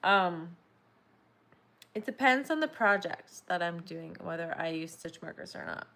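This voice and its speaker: Woman streamer, lower voice, rambling and drowsy, casual crafting chat. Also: lively intonation, unhurried, creaky, pushed and bright. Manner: chatty, rambling, apologetic. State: yawning, sleepy. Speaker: crochet livestream host. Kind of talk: casual livestream chat while crocheting.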